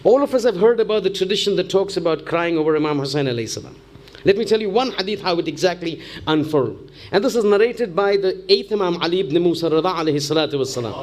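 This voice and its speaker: A man's voice: high-pitched, expressive, quick pace, a little mellow, slight background noise. A man preaching a religious lecture, telling a story and driving it home with repeated rhetorical questions. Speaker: Islamic preacher.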